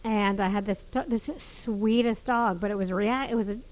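A woman telling a story in casual chat, animated and swearing, with many restarts. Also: mid-range voice, normal speed, low-quality recording.

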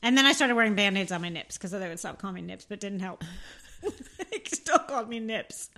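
A woman's voice: medium pitch, lively intonation, a little fast, sharp tone. A woman co-hosting a podcast in casual chat, playful and self-deprecating, often laughing. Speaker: podcast co-host.

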